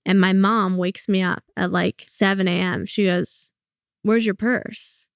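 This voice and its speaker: A young woman, a comedian talking casually and bluntly as a guest, telling stories and slipping in quick quoted asides. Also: on the low side, little pitch movement, creaky, smooth, no echo, clean studio sound. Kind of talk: casual interview chat.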